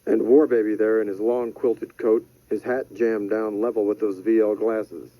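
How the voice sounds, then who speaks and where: Low-voiced man narrating an audiobook. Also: level tone, normal speed. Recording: dry, slightly dull studio audio.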